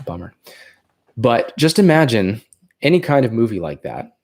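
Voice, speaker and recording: A man's voice: medium pitch, big pitch swings, moderate pace. A man with a Californian accent hosting a casual livestream, thinking aloud and rambling with fillers. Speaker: livestream host.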